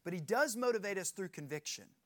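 A man's voice: high-pitched, animated, fairly quick, a bit bright. A middle-aged man preaching a sermon as pastor, earnest and emphatic, pressing his points harder as he goes.

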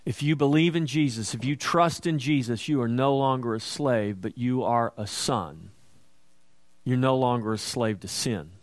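A man preaching a sermon in a slow, emphatic style that climbs louder and higher when he asks questions or quotes scripture. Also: no room sound.

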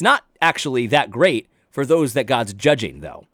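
A man's voice: medium pitch, moderate pace, no echo, studio quality. A middle-aged man hosting a Christian commentary channel, talking with passion and sarcasm, often restarting his words. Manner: animated, restless, repeats and restarts words, sarcastic. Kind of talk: impassioned religious commentary.

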